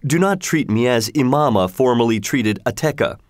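A man's voice: mid-range voice, animated, normal speed, no room sound, lightly acted. Man as a sly trapped genie, coaxing and wheedling, dry close mic. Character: crafty pleading male genie, trapped.

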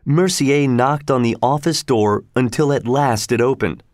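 A man narrates a storybook at an even, measured pace. His voice sits in a middle register. The recording is dry, with no room sound. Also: mid-range voice, no room sound. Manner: steady, measured reading.

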